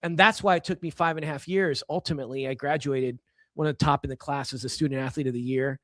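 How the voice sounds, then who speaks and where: A man's voice: medium pitch, steady tone, fast talker, fairly bright tone, no room sound, studio quality. A middle-aged man from Los Angeles, a podcast guest, telling a personal story with emphatic energy and frequent restarts. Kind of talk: casual storytelling.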